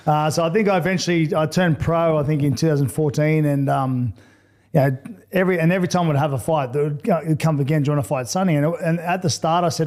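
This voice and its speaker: A man's voice: fairly high pitch, fast talker. A man in his forties with an Australian accent, a former footballer turned boxer, bluntly telling his story as a podcast guest. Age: 40s. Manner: blunt, animated, acts out past conversations.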